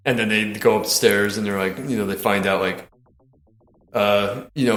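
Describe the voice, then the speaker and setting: A man's voice: on the low side, steady tone, normal speed, a bit bright, echoey room, faint music behind. A man hosting a podcast, casually and animatedly retelling comedy film scenes, laughing often and swearing. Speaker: podcast host.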